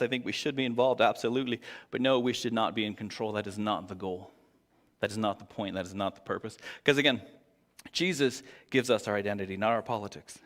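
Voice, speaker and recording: A male pastor preaching a casual sermon, often asking the congregation questions and swinging between loud and soft. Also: mid-range voice. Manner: conversational, asks the congregation questions, lively swings in loudness. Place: church hall. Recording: long church hall reverb.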